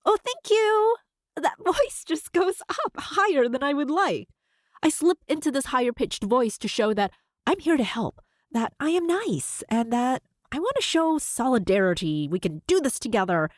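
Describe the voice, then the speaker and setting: Woman podcaster w a slight lisp, bouncy pitch, upspeak, dry close mic. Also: no echo. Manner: upspeak at sentence ends, frequent laughs. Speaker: podcast host. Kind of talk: solo podcast talk.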